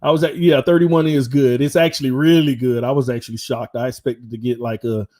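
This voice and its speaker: A man's voice: mid-range voice, brisk. A man hosting his own sports channel, chatting casually and slangily to viewers on a live stream. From Florida. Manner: animated, talks straight to viewers, slangy.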